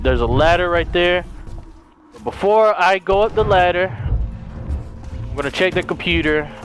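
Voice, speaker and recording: Jumpy, swearing gamer man, high voice. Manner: jumpy, swearing, panicky repeated shouts and laughter. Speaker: let's play gamer. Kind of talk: horror game commentary. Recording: loud game music and effects behind.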